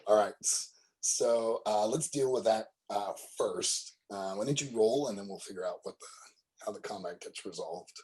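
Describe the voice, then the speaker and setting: A man's voice: fairly low pitch, moderate pace, a little mellow, slightly rough, rough recording. A man running a tabletop game as game master, narrating with a hesitant delivery full of ums and uhs.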